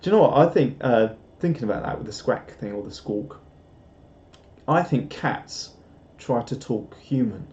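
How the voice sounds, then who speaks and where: A man's voice: mid-range voice, lively intonation, normal speed, darkish tone. Rambling young Englishman chatting on a stream. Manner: rambling and self-deprecating, with chuckles. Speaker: live stream host. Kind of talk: casual chat reading out viewer comments. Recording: roomy, slightly dull home stream audio.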